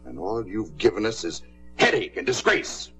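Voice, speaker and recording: A man's voice: on the low side, sing-song, moderate pace, sharp tone, soft background music. An actor playing a stern working-class father in a 1950s television drama, scolding and commanding his daughter. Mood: angry, scolding.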